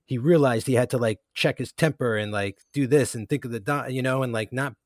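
A man's voice: medium pitch, fairly quick, dry recording. Young guy cohosting a podcast, rambly, says like a lot, dry close mic. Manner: rambling, lots of fillers and restarts. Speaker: podcast co-host. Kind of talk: casual chat.

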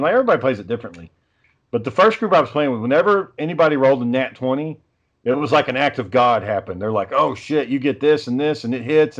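Profane storytelling man, dull lo-fi sound. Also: medium pitch. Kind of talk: casual chat.

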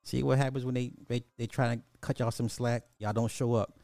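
A man's voice: mid-range voice, steady tone, fairly quick, gravelly, few pauses, warm tone, no room sound, faint music behind. A man hosting a podcast, giving casual, sarcastic commentary and thinking aloud as he looks up numbers. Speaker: podcast host.

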